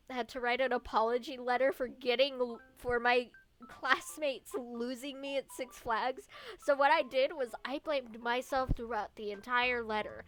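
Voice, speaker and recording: A woman's voice: on the high side, fairly bright tone. A young woman streamer telling personal stories in a casual, rambling way, with restarts and small laughs. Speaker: vtuber streamer. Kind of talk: casual storytelling chat.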